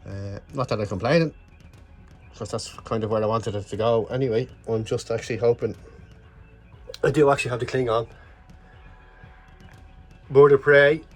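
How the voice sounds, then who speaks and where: A man chatting casually through a toy build and review, enthusiastic and rambling with lots of fillers. His voice sits at an ordinary middle pitch. Faint music plays behind him. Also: fairly even intonation, normal speed, pauses often. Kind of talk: casual unboxing chat.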